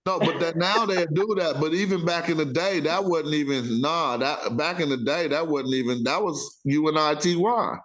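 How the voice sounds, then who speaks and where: Dude hosting a chill talk show, kinda high voice, rambly slang, keeps restarting himself. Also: male voice, normal speed, few pauses, a bit bright. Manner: loose, rambling street talk with self-interruptions. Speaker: podcast host. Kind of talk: casual chat.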